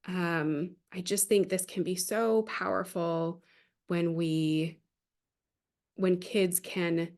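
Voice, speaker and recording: A woman's voice: on the low side, slow pace. A woman giving an online parenting training over a video call, talking in a chatty way with frequent fillers and restarts. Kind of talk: online training talk with storytelling.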